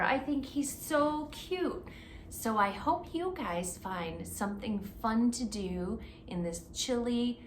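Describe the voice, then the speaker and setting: Librarian lady reading a kids picture book, high lively voice, takes her time, echoey room. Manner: animated, expressive, playful. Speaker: children's librarian. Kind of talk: storybook read-aloud for children. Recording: roomy echo, faint hiss.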